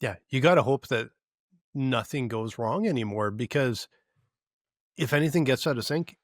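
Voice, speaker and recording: A man's voice: medium pitch, moderate pace, no echo. A man co-hosting a podcast, chatting casually and giving short reactions and dry quips. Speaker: podcast co-host. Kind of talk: casual chat.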